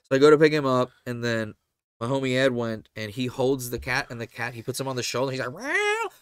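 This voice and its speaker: A man hosting a podcast, telling a profane, animated story and acting out the voices of the people in it. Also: medium pitch, fast talker, clear, resonant tone, no echo. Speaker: podcast host. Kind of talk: casual storytelling chat.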